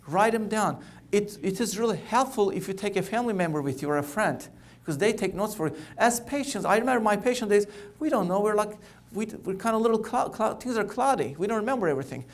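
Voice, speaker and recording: A middle-aged man, an oncologist, giving a conference keynote in a conversational, halting way, often repeating words. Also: high voice, expressive.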